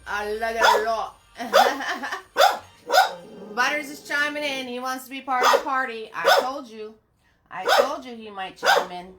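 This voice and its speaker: A woman's voice: sits high, very animated, slow, loud music behind the voice. A woman hosting a live painting lesson from her home. She chats with viewers, greets them by name and laughs often. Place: home studio.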